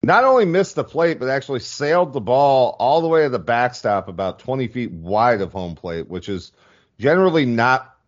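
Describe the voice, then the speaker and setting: A man co-hosting a podcast in casual chat, animated and swearing freely. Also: mid-range voice, moderate pace, no room sound. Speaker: podcast co-host reading listener questions. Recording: dull lo-fi sound.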